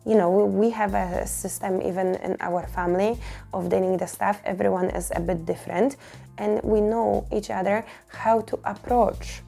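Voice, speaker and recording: Woman in her 30s, raspy low-key mellow voice, open and emotional, faint music behind. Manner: candid, emotional, restarts and repeats words. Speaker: podcast host and fitness coach. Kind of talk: personal podcast monologue.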